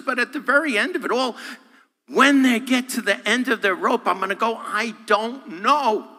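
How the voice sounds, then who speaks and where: A man, a guest speaker, preaching a sermon with animated, humorous delivery, acting out voices and quotes. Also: high voice. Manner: humorous, self-deprecating. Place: church sanctuary. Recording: long hall reverb.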